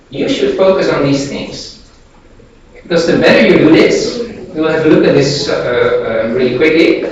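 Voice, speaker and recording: Man lecturing in a very echoey classroom. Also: on the high side. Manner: explanatory, demonstrates points with his voice and posture. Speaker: psychology lecturer and therapist. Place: large classroom. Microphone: distant room mic. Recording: very echoey room, distant dull mic, faint hiss.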